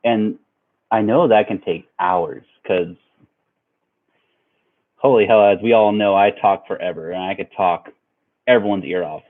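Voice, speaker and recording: Young male vlogger, low-ish pitch, relaxed rambling storyteller, thin phone-like audio. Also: measured pace, pauses often. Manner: rambling, laid-back, lots of fillers. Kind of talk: casual storytelling. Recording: tinny phone-like sound.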